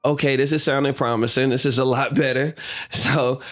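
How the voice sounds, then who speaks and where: Young man, podcast guest, casual storyteller who acts out voices, mid-pitched. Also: normal speed. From United States. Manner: animated storyteller, acts out quotes, laughs often. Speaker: guest, professional basketball player.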